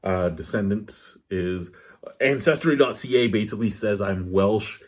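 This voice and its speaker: A man's voice: on the low side, measured pace. A man reviewing a beer in a casual vlog, rambling off-topic, talking with his hands. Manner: rambling, digressive, candid.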